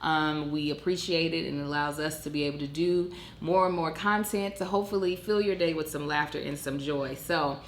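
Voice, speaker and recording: A woman in her thirties co-hosting a podcast, telling family stories in an animated way, laughing often and acting out voices. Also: deep voice, brisk, hardly any pauses, slight background noise. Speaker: podcast co-host. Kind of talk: casual chat. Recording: echoey room.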